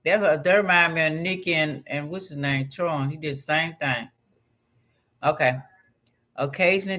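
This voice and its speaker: A man's voice: fairly high pitch, bright, forceful tone. A man hosting a vlog, reading astrology text aloud and breaking off into casual, conversational asides. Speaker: vlog host.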